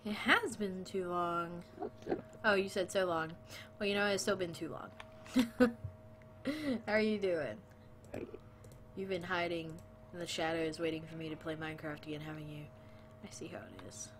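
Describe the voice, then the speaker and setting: A woman's voice: fairly low pitch, fairly even intonation, moderate pace, long pauses, background noise. A woman streaming a video game and chatting playfully with her viewers, greeting them and joking along as she plays. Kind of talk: casual live-stream chat while gaming.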